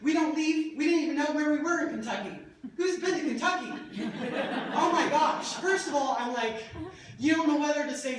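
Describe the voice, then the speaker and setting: Young adult woman, high-pitched, passionate keynote speaker, heavy hall echo, distant mic. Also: normal speed, noisy background. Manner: passionate, animated storytelling with laughter. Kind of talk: emotional testimonial speech. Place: large event hall. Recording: echoey hall, voice from far off.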